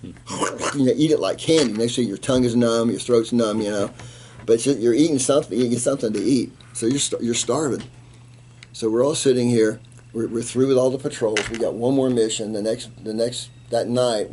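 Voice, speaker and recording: A man in his seventies, a retired Army colonel, telling animated stories in an interview and acting out the quotes. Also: lowish voice, brisk, a little hiss or hum. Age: 70s. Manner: animated anecdote teller, acts out quotes, laughs. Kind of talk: storytelling in an interview.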